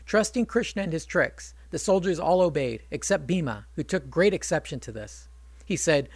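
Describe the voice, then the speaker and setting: A man's voice: on the high side, expressive, normal speed, dry recording. Chatty male storyteller with wry asides. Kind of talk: casual storytelling retelling.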